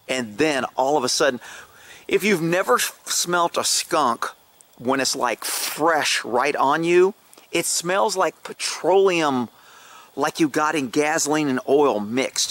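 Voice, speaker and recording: A middle-aged man with a drawl rambles through a funny dog story into a phone held at arm's length outdoors. His voice is bright and sits a bit high for a man. He swears casually and keeps breaking into laughs at his own tale. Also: animated, a little fast. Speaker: vlogger, horse owner.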